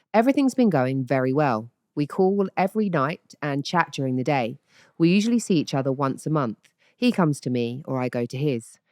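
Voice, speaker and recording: A woman's voice: deep voice, darkish tone, no room sound, studio quality. A woman putting on a posh letter-reading voice. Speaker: podcast host.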